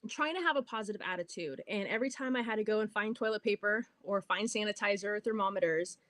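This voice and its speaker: A bubbly, middle-aged woman hosting a podcast, telling a personal story in a casual, animated way. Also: medium pitch, fast talker, dry recording. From California. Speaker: podcast host.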